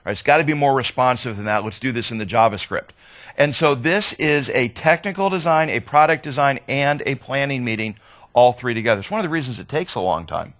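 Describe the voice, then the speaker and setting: A man giving a conference talk as a trainer, conversational and animated, often checking in with "right?". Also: medium pitch, a little fast. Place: conference hall.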